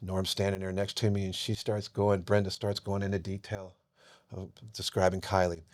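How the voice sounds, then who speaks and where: A man's voice: sits low, monotone, normal speed, a little mellow. A boisterous man, a podcast guest, telling a long personal story in casual chat. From Seattle area.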